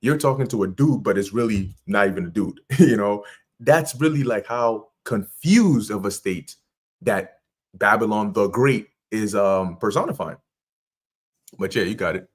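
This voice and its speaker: A man chatting casually on a livestream in a relaxed way, sounding quieter and further from the mic. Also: on the low side, a little slow, breathy edge.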